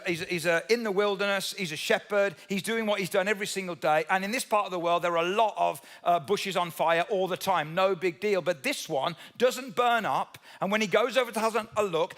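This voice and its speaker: Male pastor, high voice, chatty sermon delivery, quizzes the congregation, throws in humorous asides. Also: fairly bright tone. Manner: conversational, asks the audience questions; tells Bible stories with humorous asides.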